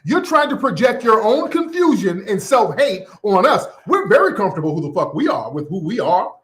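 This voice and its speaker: An American man runs his commentary show in a sassy, mocking rant, full of swearing and pet names. His voice sits high and leaps around with animated swings. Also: a little fast. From United States. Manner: sassy, profane, mocking, calls people sweetie and boo. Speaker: commentary channel host. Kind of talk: ranting commentary.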